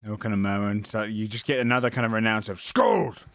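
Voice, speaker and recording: A man narrating a tabletop game as game master, in a relaxed, halting way full of "kinda"s. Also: lowish voice, no room sound, studio quality.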